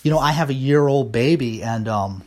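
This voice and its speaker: A man's voice: medium pitch, normal speed. An American man in a casual monologue to camera, talking through his opinions in a rambling, opinionated way. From United States. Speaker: vlogger.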